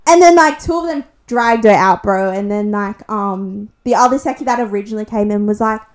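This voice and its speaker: A woman's voice: medium pitch, brisk. A young woman with an Australian accent telling a gossip story on a podcast, swearing constantly and acting out what everyone said. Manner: animated, swears constantly, acts out quotes. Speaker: podcast co-host.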